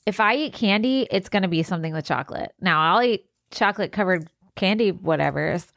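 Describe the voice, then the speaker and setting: A woman's voice: medium pitch, lively intonation, fairly quick, creaky, fairly bright tone, no echo. Chatty enthusiastic woman podcast co-host. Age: 40s. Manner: chatty, enthusiastic, explains things. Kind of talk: casual chat.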